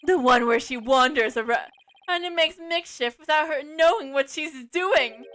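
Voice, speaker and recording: A woman's voice: high voice, normal speed, a bit bright, faint music behind. A woman voicing a flamboyant, vain male fashion designer who talks in a pompous, theatrical way. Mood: gossiping. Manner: pompous, theatrical, self-admiring.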